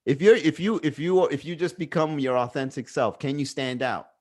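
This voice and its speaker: A man talking on his own podcast from indoors, his voice sitting a little higher than most men's. He rambles and muses through his thoughts, swearing casually and leaning on fillers as he goes. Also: normal speed, a little mellow. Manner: rambling, musing, swears freely, many fillers. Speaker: podcast host. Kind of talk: casual solo podcast monologue. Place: indoors at home.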